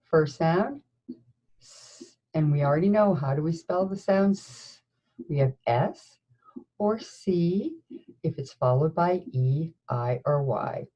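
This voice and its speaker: A woman teacher leading a slow, encouraging phonics lesson, sounding out words letter by letter. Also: low-pitched, lively intonation, mellow, poor audio. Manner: encouraging, with praise and questions. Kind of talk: recorded classroom phonics lesson.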